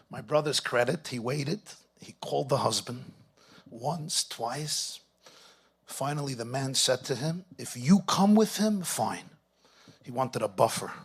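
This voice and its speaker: A middle-aged rabbi speaks to a gathering in a husky voice. He tells his story with lively energy, dropping Yiddish and Hebrew phrases along the way. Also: medium pitch, measured pace. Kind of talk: storytelling talk to an audience.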